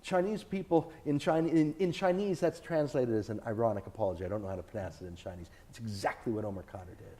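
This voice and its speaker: A man's voice: fairly low pitch, fast talker, few pauses, mellow. A man being interviewed as an author and TV host, arguing his points in an emphatic, combative way during a sit-down interview. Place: indoors, filmed interview.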